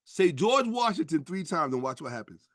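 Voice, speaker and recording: A man's voice: a little high, very animated, normal speed, no echo, studio quality. A man lecturing in a casual stream, emphatic and profane, firing rhetorical questions at his listeners. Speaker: streamer and history commentator.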